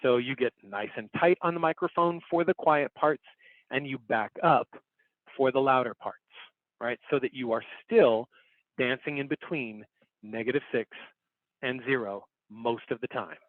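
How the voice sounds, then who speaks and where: A man's voice: medium pitch, moderate pace, dry recording. A man teaching an online workshop, explaining step by step and repeating key points in a casual, upbeat way while he demonstrates on screen. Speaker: workshop instructor. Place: home recording setup. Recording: dry, phone-like online call audio.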